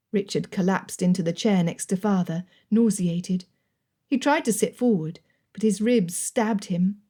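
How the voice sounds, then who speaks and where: Mellow woman narrating a romance audiobook. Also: mid-range voice. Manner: measured, even storytelling. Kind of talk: scripted narration.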